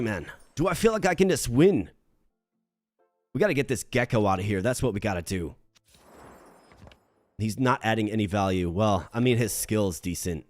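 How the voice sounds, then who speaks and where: A man from Minnesota streaming a game, chatting with his viewers and thinking his moves through out loud. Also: normal speed, long pauses, dry recording, soft background music. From Minnesota, United States. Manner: animated when greeting chat, low and muttering while planning moves. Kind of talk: live-streamed game commentary.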